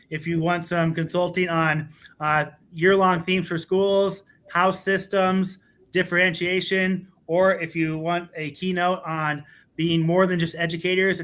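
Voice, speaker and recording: A man's voice: fairly high pitch, sharp tone. A man who is a school administrator, telling a heartfelt teaching story on a panel in an earnest way with many fillers.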